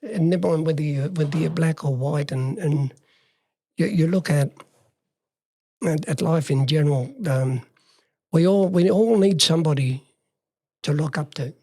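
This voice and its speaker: A man's voice: a little high, normal speed, long pauses, a little mellow, dry recording, clean studio sound. An older man from regional Western Australia with an Australian accent, a guest telling long stories from his years as a youth worker and acting out the old conversations. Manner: long story told in plain words, acting out past dialogue. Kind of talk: personal storytelling in a conversation.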